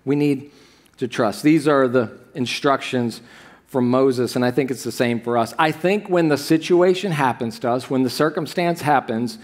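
A man's voice: mid-range voice, moderate pace. A man preaching a sermon from a church stage, talking conversationally with the congregation, full of asides and questions to them. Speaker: pastor.

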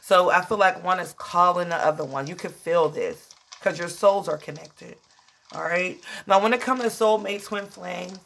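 A woman's voice: on the low side, normal speed, creaky, a bit bright. Emotional chatty woman tarot reader. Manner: chatty, emotional, calls listeners "child". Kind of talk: casual tarot reading.

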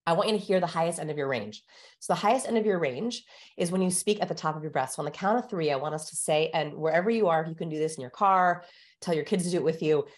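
A woman's voice: deep voice, quick pace. A woman guest explaining and demonstrating how to speak, in an instructive coaching manner. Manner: instructive, demonstrates vocal tones. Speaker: communication expert guest.

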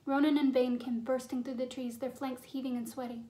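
A woman narrating a fantasy novel as an audiobook, in a measured, suspenseful storytelling manner. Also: high voice, flat delivery, dark tone. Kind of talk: storybook reading.

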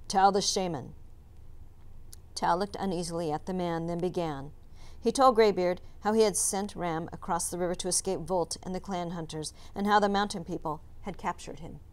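A woman teacher reading a chapter book aloud, narrating in a calm, measured way. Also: lowish voice. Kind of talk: storybook read-aloud narration.

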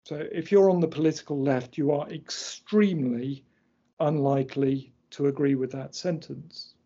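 A middle-aged man lectures in a husky, mellow voice that sits a little high. He explains each slide point by point, measured and precise. The recording is dull and lo-fi. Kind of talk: academic lecture.

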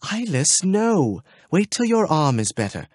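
Man voicing a young princess, timid and wistful, soft husky half-whisper, raised pitch, dry close sound, storybook reading. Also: sing-song, measured pace, no room sound.

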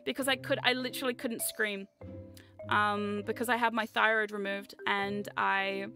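A young woman with a New Zealand accent chatting on a livestream, chaotic and loud, laughing often and bursting into screams. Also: mid-range voice, steady tone, moderate pace, soft background music. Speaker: VTuber streamer. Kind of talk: casual livestream chat.

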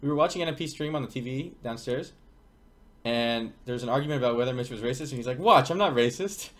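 A young adult man streams from home while he plays, his talk casual, crude and rambling, full of profane banter. His voice is medium-pitched and fairly bright, and he speaks fast.

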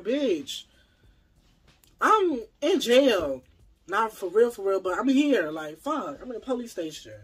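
A tired man tells his viewers a casual, profane story full of slang, swinging between loud outbursts and low mumbles.

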